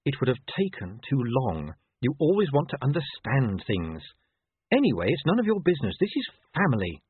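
A man's voice: mid-range voice, huge pitch swings, moderate pace, husky, no room sound, pitched above the performer's own voice, full character voice. A man voicing a blunt, sarcastic young woman who is a werewolf. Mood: sardonic. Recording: tinny lo-fi dry recording.

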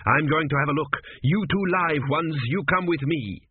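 A man voicing a brisk, bluff old dead king who talks impatiently and heartily, on a tinny, phone-like recording. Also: on the high side, slight background noise, pitched above the performer's own voice, natural voice.

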